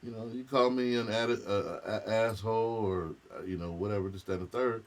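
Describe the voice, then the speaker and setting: A man's voice: fairly low pitch, brisk. A middle-aged male comedian chatting casually on a livestream, candid and profane, rambling as he talks. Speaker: comedian and streamer. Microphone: streaming mic.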